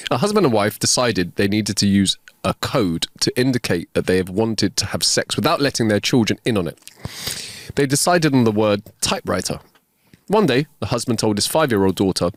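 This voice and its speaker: A man co-hosting a comedy podcast, telling listener jokes in a giggly, expressive storytelling way. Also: on the low side, brisk, no room sound, clean studio sound. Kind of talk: casual comedy chat. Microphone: close studio mic.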